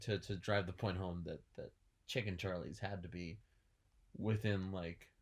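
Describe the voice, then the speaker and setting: A man's voice: deep voice, fairly even intonation, a little slow. A man co-hosting a podcast, chatting casually and joking, slipping into silly voices for his bits. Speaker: podcast co-host. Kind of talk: casual chat.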